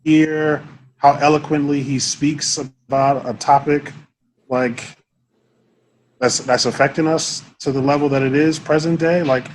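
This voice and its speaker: Emotional dad talking about his kid, bit higher voice, little bg noise. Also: steady tone, unhurried, poor audio. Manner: emotional, heartfelt. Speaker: guest, father. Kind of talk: casual discussion.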